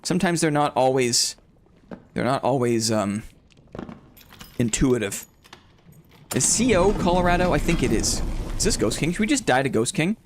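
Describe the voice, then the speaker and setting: Excitable male game streamer. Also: mid-range voice, moderate pace, long pauses, slight background noise. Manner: talks to chat, jumpy and excitable in fights; thinks aloud, repeats short phrases. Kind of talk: live gameplay commentary.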